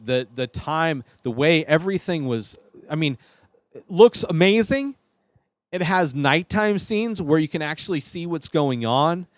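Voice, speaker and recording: A man's voice: medium pitch, smooth, no room sound. Enthusiastic man rambling solo. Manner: enthusiastic, rambling with restarts and fillers. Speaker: podcast host. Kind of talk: casual solo commentary.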